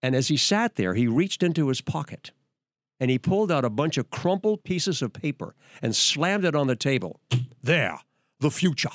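A man's voice: on the high side, sing-song, moderate pace, no echo, studio quality. An older man, a veteran news anchor, hosting a podcast and telling stories with enthusiasm and frequent restarts. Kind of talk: podcast storytelling.

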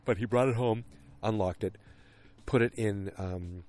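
A man hosting a casual solo podcast, retelling a TV episode at home in a rambling, animated way full of fillers and restarts. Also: on the low side, a little slow. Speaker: podcast host recapping a TV episode. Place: at home, alone at night.

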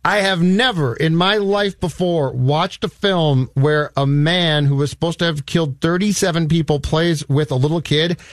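A man's voice: on the high side, normal speed, hardly any pauses, no echo, clean studio sound. A man co-hosting a podcast, chatting casually about a movie and telling stories with animation. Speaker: podcast co-host.

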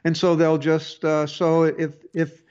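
A man's voice: a little high, monotone, a little mellow, clear, resonant tone, highs cut off. A man hosting a tech advice show, talking casually with frequent restarts and fillers. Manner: halting, many restarts and fillers. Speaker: radio tech show host. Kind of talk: casual call-in advice talk.

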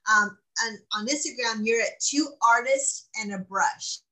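Woman, interviewer, bright tone, encouraging, fairly high. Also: unhurried, rough recording. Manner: encouraging, short reactions. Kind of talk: casual interview.

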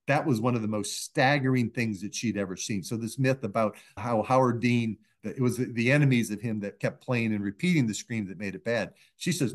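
A middle-aged man, a pollster being interviewed, telling anecdotes in a measured way and acting out the people he quotes. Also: on the low side. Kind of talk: anecdotal storytelling in a podcast interview.

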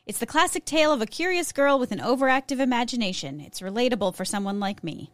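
A woman's voice: a little high, expressive, fast talker, no echo. A woman co-hosting a podcast, reading a prepared segment in a casual way, with small slips and self-corrections. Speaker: podcast co-host presenting a segment.

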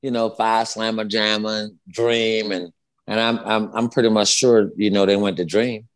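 Fifties male guest, low-pitched, salty and fired-up anecdote teller. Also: little pitch movement, normal speed. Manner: profane, heated, repetitive storytelling. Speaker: guest, former basketball player. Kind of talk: casual storytelling interview.

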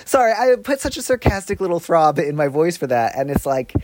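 A man's voice: a little high, sing-song, brisk, slight background noise. A man talking as an advice-column guest in a casual podcast chat, rambling and openly hedging his views. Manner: rambling, self-aware hedging.

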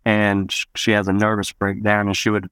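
A man with a fairly low, smooth, resonant voice tells his own story as an interview guest. He talks loosely and reflectively, leaning on "you know" and lifting his pitch to act out quoted lines. The sound is close and dry. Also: completely flat delivery, moderate pace, a bit bright, no echo. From Arkansas, USA. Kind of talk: personal storytelling in a podcast interview.

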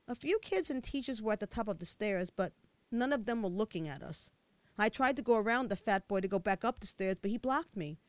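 A woman narrating a first-person memoir as an expressive audiobook reader with a childlike viewpoint. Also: a little high, dry recording.

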